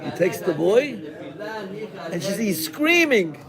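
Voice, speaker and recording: A rabbi narrates a dramatic tale to his class, slow and deliberate with a high, gravelly voice. Listeners murmur around him in the room. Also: crowd noise. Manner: animated, acts out the characters. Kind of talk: dramatic storytelling in a lesson.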